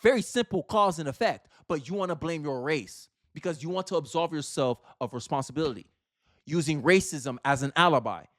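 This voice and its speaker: A man's voice: a little high, animated, brisk, no echo, clean studio sound. A man hosting a reaction commentary, talking in an emphatic, argumentative way and repeating phrases for effect. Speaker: commentary host.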